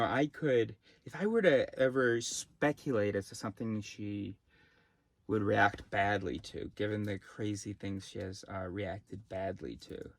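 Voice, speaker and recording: A man talking in a rambling, casual monologue, swinging from low mumbles to sudden shouting and swearing. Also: vocal fry, dry recording. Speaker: vlogger.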